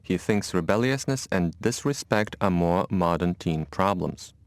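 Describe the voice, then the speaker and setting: A man with a somewhat low voice calmly recounts his upbringing in a scripted monologue. His telling is steady and plain. The sound is dry and close. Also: unhurried, no echo. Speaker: speaker in a listening exercise.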